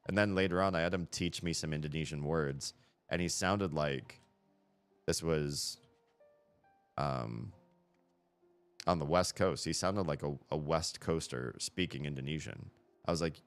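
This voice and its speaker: A man's voice: very deep voice, measured pace, long pauses, smooth, soft background music. A man hosting a live stream, rambling through casual chat and correcting himself as he thinks aloud into a headset mic.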